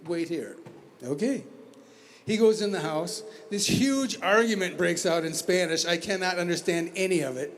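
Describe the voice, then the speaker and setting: A man's voice: sits high, normal speed. A man telling a wry, conversational travel story at a talent show, full of asides and restarts. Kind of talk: spoken storytelling. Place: community center stage.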